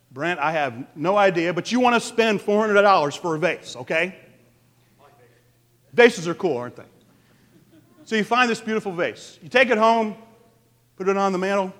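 A man pastor delivering an animated sermon, asking the congregation questions. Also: high voice. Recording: long reverb of a large hall.

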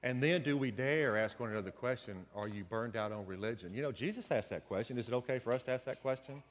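A man's voice: mid-range voice, quick pace, big-room sound, noisy background. A man preaching a conversational sermon, with folksy storytelling asides. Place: church sanctuary.

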